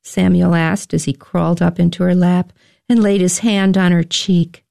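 A woman narrating a story in a gentle, scripted reading style. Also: on the low side, level tone, moderate pace, vocal fry.

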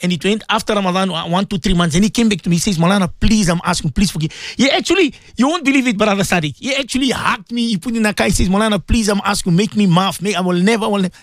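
Guy preaching on the radio, highish voice, dry close sound, keeps repeating himself. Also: racing, few pauses, no room sound. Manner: animated, repetitive storytelling with Arabic and Urdu phrases. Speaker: radio guest speaker. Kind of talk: storytelling religious talk on radio.

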